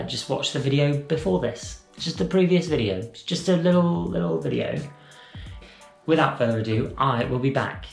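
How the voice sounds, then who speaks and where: A man chatting through a drag makeup tutorial at home, rambling, correcting himself and playful. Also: mid-range voice. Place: room at home. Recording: roomy echo, faint music.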